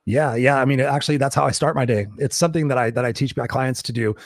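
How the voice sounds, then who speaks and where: A man's voice: medium pitch, fast, dry recording, clean studio sound. A man who works as a life coach, guest in an interview, telling his story bluntly and candidly, with some swearing.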